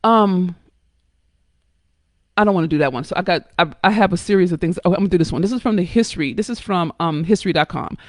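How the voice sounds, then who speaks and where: A woman hosting a live stream, talking in an emphatic, blunt and profane way, with sudden jumps up in pitch and loudness and frequent check-ins with her listeners. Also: fast talker, no echo, studio quality. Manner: coaxing, checks in with listeners often. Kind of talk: impassioned live-stream talk.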